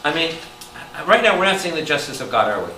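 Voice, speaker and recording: Priest preaching in a roomy hall. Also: male voice, on the high side, fast. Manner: animated, calls out questions to the room. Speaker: priest teaching Bible study. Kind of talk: lively preaching to a congregation. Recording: roomy hall taped from a distance with noise.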